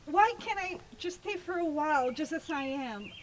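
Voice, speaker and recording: A woman's voice: sits high, expressive, normal speed, a little hiss or hum. A woman acting a frightened young bride in an amateur stage play, speaking in a shaky, pleading way.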